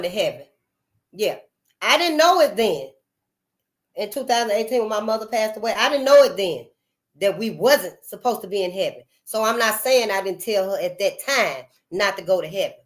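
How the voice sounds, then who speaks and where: A woman's voice: medium pitch, lively intonation, moderate pace, fairly bright tone. Emphatic folksy woman talking to viewers. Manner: emphatic, folksy, addresses listeners as honey and y'all. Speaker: channel host. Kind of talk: casual spoken monologue to viewers.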